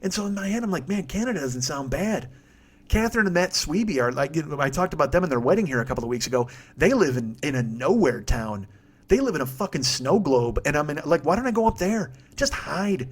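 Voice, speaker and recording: A man's voice: fairly high pitch, sing-song, a little fast, breathy edge. A man hosting a comedy podcast from home, ranting in a rambling, profane, self-mocking way. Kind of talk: comic rant monologue.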